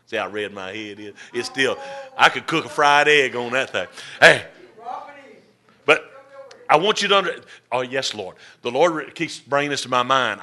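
A middle-aged man preaching a storytelling sermon, folksy and drawling, swinging between loud and soft. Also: mid-range voice. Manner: folksy, drawling Southern-style delivery with dramatic swings in volume.

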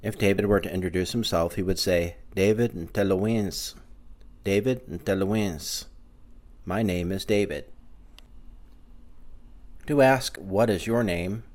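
A man giving a scripted language lesson, saying each word slowly and twice. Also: low-pitched. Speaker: language teacher.

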